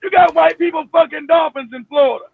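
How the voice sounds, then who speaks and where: A man with a very high, gravelly voice rants heatedly at his live-stream audience, swearing freely and breaking into shouts. The sound is narrow and phone-like, dry and close, with no room around it. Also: fast talker, no echo. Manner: emphatic, profane, bursts into shouting; repeats himself, many restarts. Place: home in Florida.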